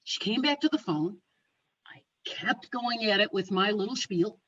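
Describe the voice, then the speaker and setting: A woman's voice: mid-range voice, unhurried, highs cut off, slight background noise. A woman giving a humorous storytelling speech, acting out the dialogue, over a video call. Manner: animated, acts out the dialogue. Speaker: speaker at a speaking club.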